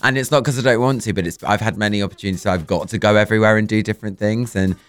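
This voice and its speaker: Hoarse camp man. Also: fairly low pitch, rapid-fire. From London. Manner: camp, animated and upbeat. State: hoarse, losing his voice. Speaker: guest, drag performer. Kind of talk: casual chat.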